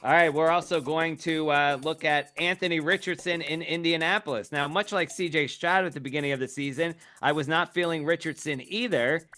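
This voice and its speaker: Bright-voiced joking man, music under. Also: on the high side, fairly even intonation, a little fast, few pauses. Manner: joking, teasing, confident. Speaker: fantasy football podcast co-host. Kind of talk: casual sports chat.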